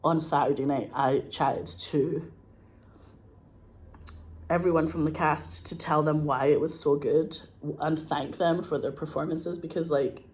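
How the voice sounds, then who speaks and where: A Scottish woman, an actress, talking casually and excitedly, gushing and swearing, with a frog in her throat. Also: low-pitched, a little slow. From Scotland. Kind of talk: casual monologue.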